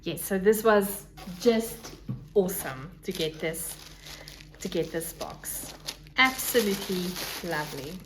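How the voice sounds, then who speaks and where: A woman hosting a casual crafting podcast, gushing over her things and sometimes dropping to a soft whisper. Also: lowish voice, slow pace, background noise. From South Africa. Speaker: podcast host. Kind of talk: casual show-and-tell chat.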